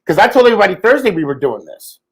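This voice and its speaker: A man with a fairly high voice hosts a podcast in a loose, chatty way. He jokes along and fills his pauses with "um" and "uh" as he talks to his guest. It sounds like casual talk from home. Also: very animated, breathy edge, rough recording. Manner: chatty and joking, lots of fillers. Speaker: podcast host.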